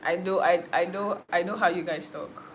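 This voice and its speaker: A woman's voice: fairly low pitch, steady tone, moderate pace, a little hiss or hum, poor audio. A young woman hosting a livestream, chatting casually with viewers, laughing often and answering comments. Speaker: livestream host and musician.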